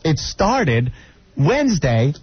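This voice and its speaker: A man co-hosting a radio show, telling a story with lively, mocking impressions. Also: takes it slowly, husky, no room sound. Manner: animated storytelling, mocking high-voiced impressions. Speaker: radio co-host. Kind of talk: morning radio banter. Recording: dull lo-fi radio broadcast.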